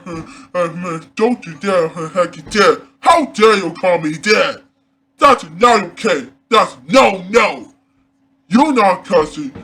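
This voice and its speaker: A man playing an upset male character named Carl in an amateur fan drama, halting and repeating his words. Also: high voice, pushed and bright, breathy edge, heavily acted.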